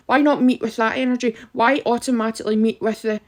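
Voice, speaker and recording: A woman's voice: a little high, steady tone, fairly quick, hardly any pauses, a little mellow. Emphatic woman giving advice. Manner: emphatic and direct, addressing listeners. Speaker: campaigner. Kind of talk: impassioned advice talk.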